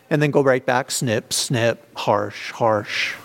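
A man's voice: medium pitch, takes it slowly, hardly any pauses. Man leading a casual Bible study. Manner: conversational, restarts, acts out inner voices. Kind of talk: informal teaching.

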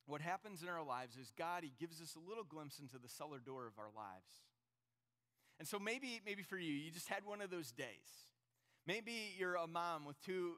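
A pastor preaches a sermon to his congregation, earnest and telling stories as he speaks directly to the listeners. His voice is a little high, bright, and forceful, with the long reverb of a large hall.

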